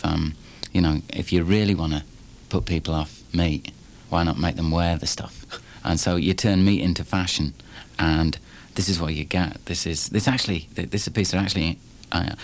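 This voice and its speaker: A man from Yorkshire with a Yorkshire accent, performing his own poems in a punchy, rhythmic chant full of repeated refrains. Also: on the low side. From Yorkshire, England. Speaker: performance poet. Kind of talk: live performance poetry reading.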